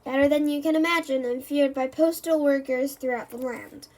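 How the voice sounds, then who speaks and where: A cheerful, rambling storybook postman who chats in a friendly way, voiced by a woman reading aloud. His voice is high. It sounds like a children's book read aloud. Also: fairly even intonation, moderate pace, a little mellow, a little hiss or hum, natural voice, rough recording. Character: cheerful, chatty adult man postman.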